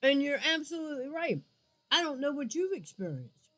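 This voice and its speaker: A woman's voice: sits high, sing-song, moderate pace, a bit bright, poor audio. A woman vlogger and gamer giving her blunt, emphatic opinion to her viewers, with mocking asides. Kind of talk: frank opinion vlog.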